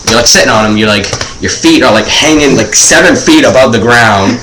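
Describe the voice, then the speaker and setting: Teen guy comic, rambling, "like"-heavy delivery, middle pitch, echoey room. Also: a little fast, bright, forceful tone, a little hiss or hum. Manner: rambling, filler-heavy, says "like" constantly. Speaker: comedian. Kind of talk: comedic monologue.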